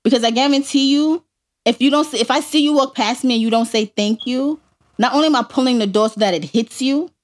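A woman's voice: high voice, fairly quick. A woman from Harlem with a thick New York accent, co-hosting a podcast and ranting emphatically in casual chat. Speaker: podcast co-host.

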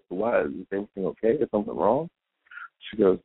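Deep-voiced man telling a story, phone-line sound. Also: big pitch swings, a little fast, breathy edge. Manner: rambling anecdotal, quotes both sides of dialogue. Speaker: podcast host. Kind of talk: storytelling monologue. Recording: tinny phone-like dry recording.

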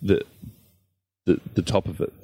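A man's voice: warm tone, no echo. A man playing a tabletop game, describing his character's moves in an amused way. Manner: slow, amused, laughing often. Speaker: player.

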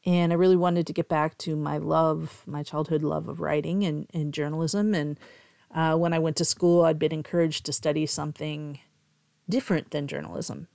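Woman, gravelly fry, dry close sound, candid storytelling. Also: deep voice, fairly even intonation, moderate pace, no echo. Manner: candid, emotional, with soft laughs. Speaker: podcast host, tarot and astrology reader. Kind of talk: personal storytelling monologue.

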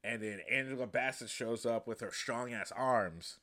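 A man hosting a podcast, giving a casual, comedic movie recap in a profane, slangy, animated way. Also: medium pitch, measured pace. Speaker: podcast host.

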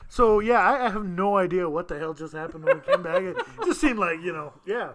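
Casting: high, bright-voiced man, podcast host, loose rambling delivery with laughs. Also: big pitch swings, a little fast. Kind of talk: casual chat.

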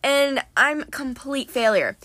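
Bright, dry woman audiobook narrator. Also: sits high, takes it slowly, dry recording. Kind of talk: first-person novel narration.

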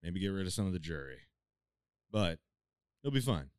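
A man's voice: deep voice, very animated, moderate pace, smooth, no room sound, clean studio sound. A man in casual, profane podcast banter, joking and doing mocking impressions.

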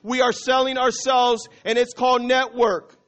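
High-voiced man preaching with fervor. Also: little pitch movement, normal speed. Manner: passionate, swings between loud and hushed, mixes in Spanish phrases. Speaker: pastor. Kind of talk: sermon.

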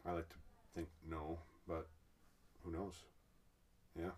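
Deep-voiced male podcast host, animated, casual, acts out quotes. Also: slow, slight background noise. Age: adult parent. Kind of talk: casual discussion of a TV series.

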